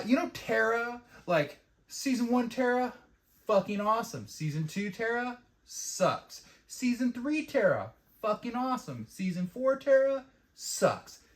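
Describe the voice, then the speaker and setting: A man with a mid-range, slightly bright voice casually reviews an episode of a fantasy TV show. He rambles and swears, piles on fillers, and does mocking impressions of quoted lines.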